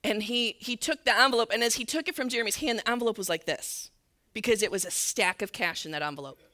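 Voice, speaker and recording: A woman church leader telling a story in a sermon, earnest and sometimes dropping to a soft near-whisper. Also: fairly high pitch, fast.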